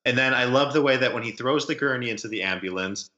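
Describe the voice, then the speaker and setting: A man's voice: medium pitch, quick pace, pushed and bright, echoey room, dull audio. A man co-hosting a movie podcast, offering thoughtful analysis of the film's themes. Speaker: podcast co-host. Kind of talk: casual movie review chat.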